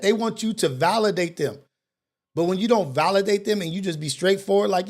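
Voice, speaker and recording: Brisk and high-voiced, this male talk show host delivers an impassioned monologue that turns preachy, peppered with street slang and the same rhetorical questions again and again.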